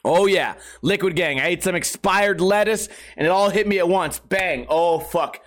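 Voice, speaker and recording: A young man telling a comic story as a ranting, exasperated stand-up bit, swearing heavily and bursting into shouts. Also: sits high, moderate pace. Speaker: comedian. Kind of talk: profane comedic storytelling rant.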